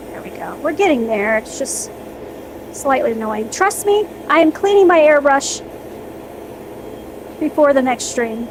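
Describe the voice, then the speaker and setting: A woman's voice: high-pitched, lively intonation, a little slow, long pauses, background noise. A young woman streaming casually while airbrushing miniatures, chatting with her viewers and cheering herself on in an upbeat, playful way.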